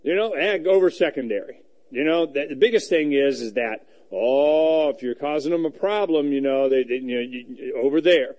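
A man's voice: a little high, moderate pace, darkish tone. A man hosting a talk show from the road, telling rambling stories full of fillers and restarts. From United States. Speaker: radio talk show host. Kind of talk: casual talk show monologue. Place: on the road, traveling.

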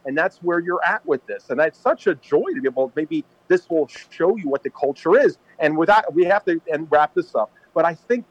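A man's voice: on the high side, expressive, normal speed, few pauses, no echo. A man co-hosting a casual political talk show, rambling and emphatic as he tells stories. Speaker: podcast co-host. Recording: dull dry lo-fi sound.

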